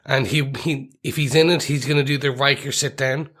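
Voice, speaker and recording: A man's voice: medium pitch, fairly even intonation, fairly quick, fairly bright tone. A man co-hosting a casual podcast, speculating loosely and saying "like" a lot. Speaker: podcast co-host.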